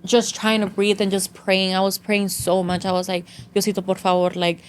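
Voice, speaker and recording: A young adult woman, a guest on a podcast, retells a story in casual conversation, switching between English and Spanish and leaning heavily on "like." Her voice is medium-pitched and clean, moving at a normal speed, and though her delivery is completely flat, the telling is earnest and emotional, close to tears.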